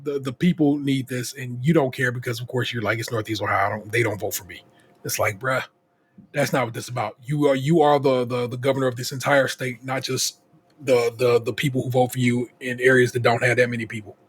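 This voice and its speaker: A man with a husky voice co-hosts a casual podcast. He rants profanely and animatedly, stumbles through restarts, and acts out other people's words. His pitch sits at an ordinary middle. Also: level tone, a little fast. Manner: profane, ranting, lots of restarts. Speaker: podcast co-host.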